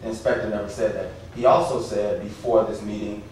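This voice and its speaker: Impassioned young pastor, echoey hall. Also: male voice, lowish voice, steady tone, a little fast, a little mellow. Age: 30s. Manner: impassioned, rising to pleading and indignant. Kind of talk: public comment at council meeting. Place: council chamber. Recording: echoey room from far off with faint noise.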